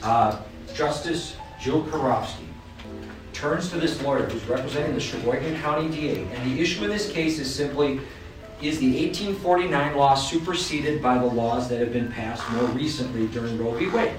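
An indignant male radio commentator who mocks his target in a played clip. He sounds distant and roomy. Music runs clearly behind him. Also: medium pitch, moderate pace. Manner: indignant, mocking.

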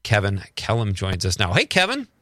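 A man's voice: fairly low pitch, wildly swooping pitch, fairly quick, bright, forceful tone, no room sound. A man hosting a casual radio talk show in a studio, reading listener texts aloud and laughing often.

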